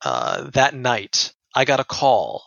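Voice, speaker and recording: Young male storyteller, gravelly and earnest, sharp tone, lo-fi dry recording. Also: mid-range voice, wildly swooping pitch, takes it slowly, dry recording. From United States. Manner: earnest, repeats words when upset. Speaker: guest telling a personal story. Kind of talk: conversational storytelling. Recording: dull lo-fi dry sound.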